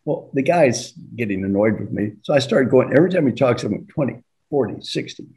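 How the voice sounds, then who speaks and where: An older man, an executive coach, telling stories in an animated way and acting out dialogue with laughs. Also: medium pitch, brisk. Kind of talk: storytelling leadership talk.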